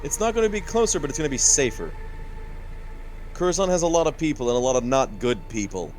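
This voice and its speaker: A man playing a tabletop role-playing game, tossing in quick offhand remarks. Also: on the high side, lively intonation, a little mellow, a little hiss or hum. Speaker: player. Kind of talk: casual tabletop role-play chat.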